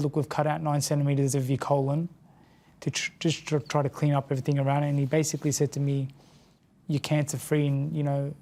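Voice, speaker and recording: An Australian man speaks as an interview guest, earnest and halting, often repeating words and restarting. His voice sits a little high and gravelly with a fairly flat, level delivery. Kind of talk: emotional personal account in an interview.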